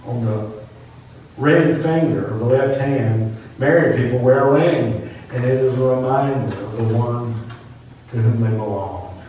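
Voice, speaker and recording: A man's voice: mid-range voice, unhurried, mellow, a little hiss or hum. A man preaching a sermon, telling a story with earnest, repeated emphatic phrases. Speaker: pastor. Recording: very echoey room from far off.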